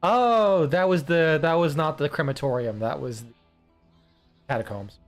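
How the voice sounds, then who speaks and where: A man's voice: fairly high pitch, moderate pace, faint music behind. Rambling, swearing man streaming a game. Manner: rambling, swears often, many filler words. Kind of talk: casual gameplay commentary.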